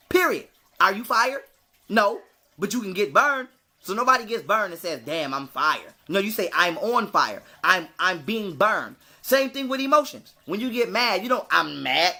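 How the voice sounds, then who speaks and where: A man with speech preaches a spiritual monologue to his viewers. His voice is bright and forceful, and he drives his points home with swearing and repeated stock phrases. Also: high-pitched. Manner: emphatic, profane, repetitive "so with that being said". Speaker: spiritual video host.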